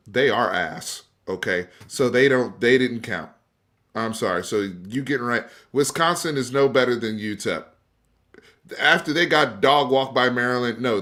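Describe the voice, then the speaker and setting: A medium-pitched, fairly bright male voice belongs to a sports talk host on a live stream. He debates casually and emphatically, speaking right to his viewers and repeating or restarting words as he warms up.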